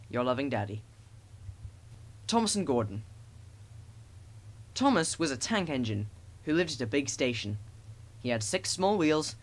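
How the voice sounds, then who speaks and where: A man narrating a children's storybook with expressive, animated storytelling. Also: mid-range voice. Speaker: audiobook narrator.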